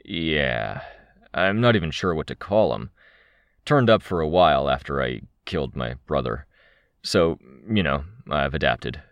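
A man voicing Tristan, a grumpy, impatient young builder, with gruff, sardonic talk. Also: rumbling low, lively intonation, unhurried, dry recording, heavily acted. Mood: grumbling.

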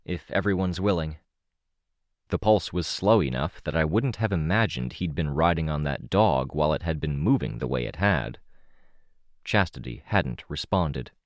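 A man narrating an audiobook in the first person, in a steady, measured reading. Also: a bass voice, no echo, clean studio sound.

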